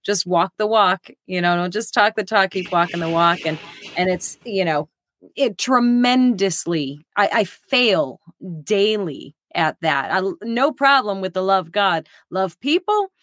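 A woman hosting a casual political chat, talking haltingly with many pauses. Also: mid-range voice, lively intonation, fairly bright tone, no echo, studio quality. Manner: halting, lots of fillers and restarts.

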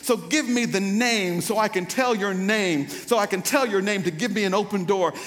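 African-american guy preaching, high voice, big echoey church, gets loud and playful. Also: moderate pace, soft background music. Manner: dynamic, rising to near-shouting peaks; playful, slips into slangy impressions. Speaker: guest preacher. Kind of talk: sermon. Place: church sanctuary. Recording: church hall reverb.

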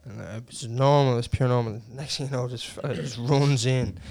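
Animated young Irish man. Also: medium pitch, a little fast. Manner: animated, swears, filler-heavy. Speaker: podcast co-host. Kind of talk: casual chat, storytelling.

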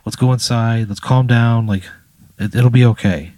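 A man voicing a stressed, hardworking father who is trying to calm his upset child. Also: medium pitch, moderate pace, no echo, close to an everyday voice. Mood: soothing.

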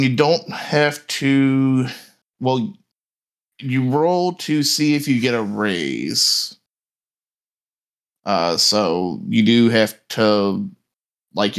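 Slow, halting man running a tabletop game. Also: lowish voice. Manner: halting, slow, many fillers. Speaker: game master.

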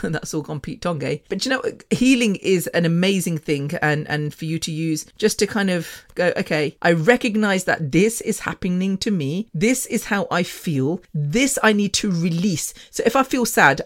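A woman hosting her own podcast, talking bluntly and candidly, swearing freely and getting over the top. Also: on the low side. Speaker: podcast host. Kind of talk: candid solo podcast monologue.

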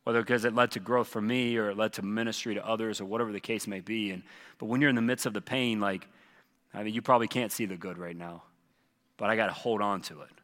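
Earnest bright-voiced man pastor in a hall. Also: on the low side, fairly even intonation, quick pace. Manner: earnest, repeats phrases for emphasis. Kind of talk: church Q&A teaching. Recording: long hall reverb.

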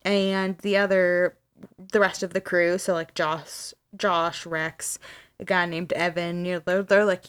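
A woman's voice: fairly low pitch, level tone, measured pace, fairly bright tone, clean tone. A woman podcast host casually retelling a story, acting out the dialogue with casual swearing.

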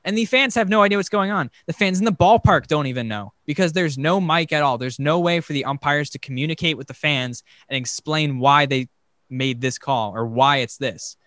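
A man's voice: on the high side, a little fast, a bit bright, no echo, studio quality. A man co-hosting a casual sports podcast, talking emphatically and ranting. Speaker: podcast co-host.

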